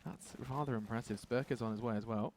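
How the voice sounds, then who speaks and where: A man casting a competitive video game match, calling the action with quick excitable commentary and self-deprecating jokes. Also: medium pitch, a little hiss or hum. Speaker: esports caster. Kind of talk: esports play-by-play commentary.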